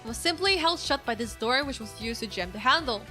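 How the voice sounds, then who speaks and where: Woman reads a sharp, unflappable game investigator, a man who takes suspects apart calmly, in a high voice. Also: over music, lightly acted. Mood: accusing. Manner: measured, confrontational. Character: cool, logical male investigator, confident and cutting.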